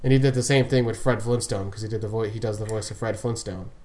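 A man's voice: fairly low pitch, fairly even intonation, fast, warm tone. Rambling, laughing man chatting casually. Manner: rambling, laughs often, restarts. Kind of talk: casual fan chat.

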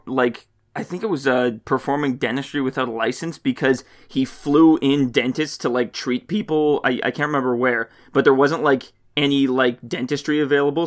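A speaker in a casual podcast chat, telling stories with loud laughs. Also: mid-range voice.

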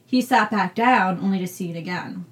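A woman's voice: mid-range voice, moderate pace. A young woman from New England, co-hosting a podcast, telling a spooky story in a casual, jokey way. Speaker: podcast co-host.

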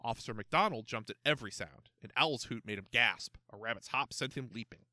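A man reading a children's mystery story aloud in an expressive, animated way. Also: medium pitch, brisk, no echo. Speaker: narrator.

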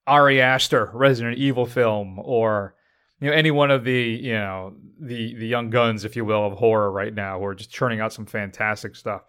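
A man co-hosting a film review podcast, talking in a casual, animated, joking way. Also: medium pitch, clean tone. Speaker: podcast co-host.

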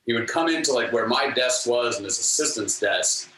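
A man telling earnest stories as a guest, acting out the lines of the people in them. His pitch moves a lot, and his tone is bright. The recording is echoey, picked up from a distance, with faint ambience behind him. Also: normal speed, slight background noise. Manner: animated, earnest, acts out quotes. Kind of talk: storytelling anecdotes in an interview.

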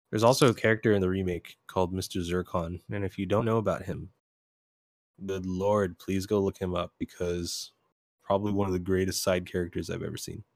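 A man's voice: low-pitched, dry recording, clean studio sound. A man co-hosting a casual gaming podcast, talking with enthusiasm. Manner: enthusiastic, animated storytelling. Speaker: podcast co-host. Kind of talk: casual chat.

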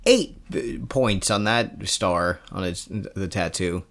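Low-voiced woman with playful jokes. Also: slow. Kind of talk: casual chat.

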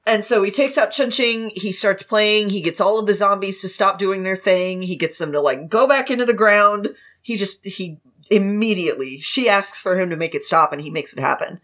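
A woman's voice: mid-range voice, normal speed, fairly bright tone. A woman co-hosting a podcast, narrating story events step by step in casual chat. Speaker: podcast co-host.

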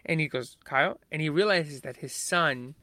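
A man's voice: on the high side, moderate pace, bright, forceful tone, no room sound. A man in casual chat about a film, talking animatedly, swearing freely and acting out the characters' lines.

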